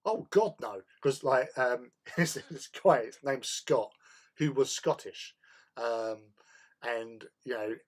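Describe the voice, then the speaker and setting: Hosting a hobby livestream, a man rambles through a casual chat with viewers, laughing often. His voice is medium in pitch and his pace is slow.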